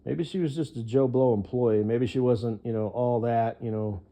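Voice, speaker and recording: A man rambles on in a long one-sided monologue, his voice dark and mellow at an ordinary middle pitch. He swears casually and keeps circling back with fillers and restarts. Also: moderate pace. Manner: rambling, profane, full of fillers.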